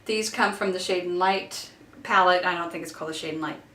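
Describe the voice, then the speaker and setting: A woman in her thirties who has children, excitedly unboxing makeup in a casual vlog recorded in her bathroom, gushing with lots of fillers. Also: fairly low pitch, a little fast. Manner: giddy and gushing, with many fillers. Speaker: beauty vlogger. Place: home bathroom. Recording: echoey bathroom, mic a bit far off.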